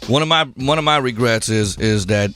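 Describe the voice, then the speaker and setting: A man's voice: medium pitch, moderate pace, smooth. A male radio show host telling a long story on his talk show and acting out the voices in it. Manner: animated, acts out quotes, rambling.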